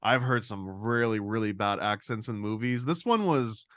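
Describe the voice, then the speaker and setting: A man co-hosting a casual discussion podcast, talking in an animated way and acting out quoted lines in a raised voice. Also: on the low side, normal speed, no echo, studio quality. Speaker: podcast co-host.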